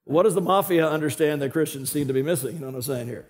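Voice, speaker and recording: Guy preaching a sermon, kinda high voice, chatty and animated, gets loud then drops quiet. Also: fast talker. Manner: animated, conversational preaching with sudden loud and soft turns. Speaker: pastor.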